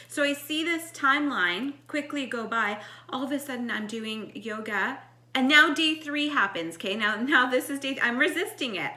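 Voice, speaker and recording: Bright-voiced woman in her forties, echoey. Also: fairly high pitch. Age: 40s. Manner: earnest, animated, many "like" fillers. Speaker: spiritual vlogger. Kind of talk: casual storytelling.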